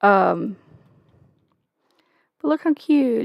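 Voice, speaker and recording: A woman's voice: mid-range voice, moderate pace, dry recording, clean studio sound. A young woman hosting a casual livestream from home, rambling and joking with plenty of swearing and filler words. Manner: profane, jokey, rambling with many fillers. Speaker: livestream host.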